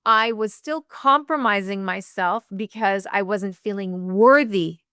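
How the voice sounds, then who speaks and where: A woman's voice: medium pitch, a little slow, pushed and bright, clean tone, no room sound, clean studio sound. A woman relationship coach telling a personal story in a podcast interview, acting out quoted dialogue and laughing often.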